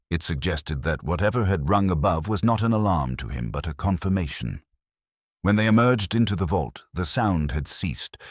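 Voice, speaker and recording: A man narrating a mystery audiobook in a measured, atmospheric storytelling manner. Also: sits low, no echo, clean studio sound.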